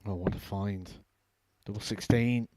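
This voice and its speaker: A man giving live darts commentary, measured as he sums up results and looks ahead to the next match. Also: fairly low pitch, steady tone, background noise.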